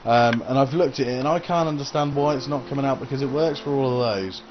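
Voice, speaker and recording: A man's voice: medium pitch, quick pace, a little hiss or hum. A man giving casual gameplay commentary as a gaming channel host, rambling and hesitant with lots of uh and um. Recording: dull lo-fi recording.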